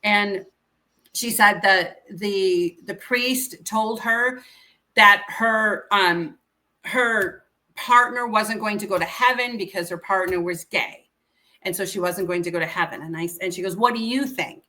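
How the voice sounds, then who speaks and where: Middle-aged woman, bright clear tone, earnest storytelling, emotional, quotes others. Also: medium pitch, measured pace. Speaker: interview guest. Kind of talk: personal storytelling.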